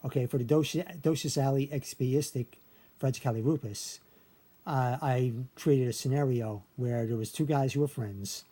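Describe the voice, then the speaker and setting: This video creator's voice is mellow and medium-pitched. Teaching a memory trick in an informal screen-share lesson, he goes step by step, counts syllables aloud, and attaches "okay" to almost every phrase.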